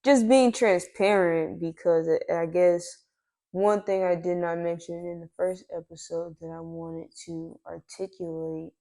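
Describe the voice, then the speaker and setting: Casting note: unhurried, thoughtful woman host, lowish voice, hesitant restarts. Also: fairly even intonation, mellow. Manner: slow, hesitant, restarts and reflective. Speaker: podcast host. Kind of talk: casual chat. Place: indoor room, on a couch.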